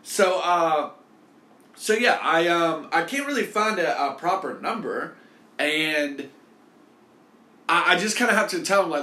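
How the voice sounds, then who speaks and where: Animated male host, rambling storyteller, softened swearing, echoey room. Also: fairly high pitch, a little slow, pauses often. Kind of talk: casual storytelling.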